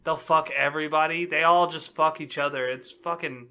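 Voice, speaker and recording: A man holds the floor on a laid-back podcast, winding through a story with plenty of filler and cursing. His voice sits a little high and has a bright, forceful edge. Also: fairly even intonation, normal speed. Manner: rambling, profane storytelling. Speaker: podcast co-host. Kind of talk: casual chat.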